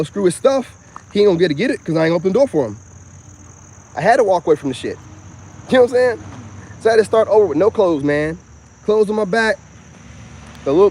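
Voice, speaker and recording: A man rambles through a long personal story, his voice sitting a little high for a man. He talks casually and animatedly to the camera, out of doors, with crickets chirping behind him. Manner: rambling, animated storytelling with frequent "you know what I'm saying". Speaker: self-styled spiritual vlogger.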